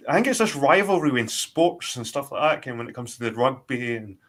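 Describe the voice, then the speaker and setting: Talking fairly quickly in an animated, medium-pitched voice with a fairly bright tone, a man from Scotland joins a live stream as a guest. He's blunt and rambling, swearing heavily as he goes.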